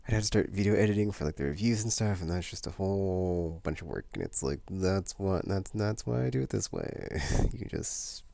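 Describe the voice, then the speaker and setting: Very low-voiced rambling man, gravelly. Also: animated, fairly quick, few pauses, dark tone, no room sound. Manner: meandering, many fillers and restarts. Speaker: vlogger. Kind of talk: casual rambling chat.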